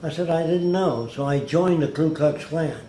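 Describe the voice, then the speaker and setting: An older man being interviewed, telling stories slowly and deliberately and acting out what other people said. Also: a little high, mellow. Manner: deliberate, slow-paced storyteller who mimics others' words. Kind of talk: anecdotal storytelling. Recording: echoey room with faint background noise.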